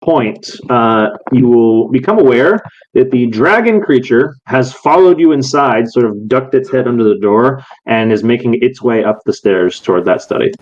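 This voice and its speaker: A man's voice: medium pitch, moderate pace. A man narrating a tabletop game as game master, easygoing and full of little fillers. His voice sits in a middle range, and the stream audio sounds dull and lo-fi. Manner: relaxed, with many fillers.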